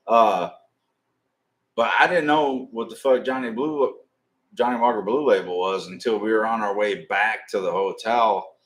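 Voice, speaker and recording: A man tells a loose, profanity-laced story on his live stream, rambling from one bit to the next. His speaking voice sits somewhat low, and he jumps up high when he acts out the people in the story. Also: normal speed, a bit bright.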